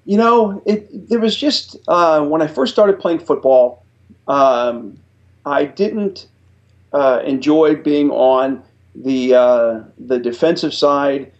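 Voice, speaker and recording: A middle-aged man from Ohio answers interview questions as an earnest storyteller who often restarts his sentences. His voice sits a bit high for a man. The recording sounds dull and lo-fi. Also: slow. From Ohio, USA. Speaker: guest, retired Air Force chief master sergeant.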